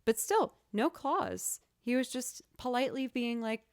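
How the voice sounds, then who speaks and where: A woman hosting a casual livestream chat, answering viewer questions as a chatty, expressive storyteller. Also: a little high, measured pace, dry recording, clean studio sound. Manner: chatty, expressive storyteller who acts out quoted reactions.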